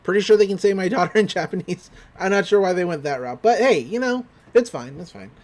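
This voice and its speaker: A man's voice: high voice, fast, a little mellow. A young man on a podcast, casually recapping an anime episode with loose paraphrased quotes and lots of fillers. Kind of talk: casual chat.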